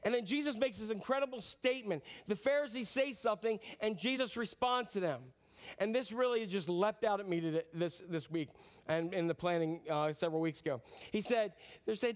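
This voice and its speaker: A middle-aged male pastor preaching a sermon in a lively, conversational, joking way. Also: high-pitched, a little fast.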